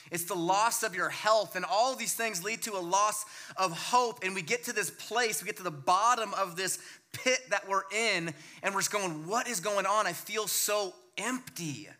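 A man preaching a sermon as pastor, emphatic and swinging between loud points and hushed low lines.

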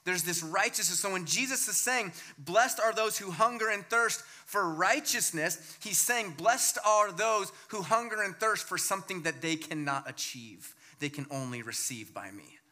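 A man preaching a sermon as pastor, emphatic and swinging between loud points and hushed low lines. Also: lively intonation, normal speed, hardly any pauses.

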